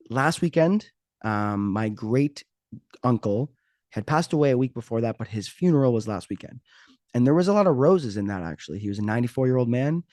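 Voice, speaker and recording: A man hosts his podcast in a loose, unscripted monologue, joking at his own expense and rambling from one thought to the next. His voice sits at an ordinary middle pitch, and the sound is dry with no room echo. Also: darkish tone. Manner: joking, rambling, self-mocking. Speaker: podcast host. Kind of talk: casual podcast intro monologue.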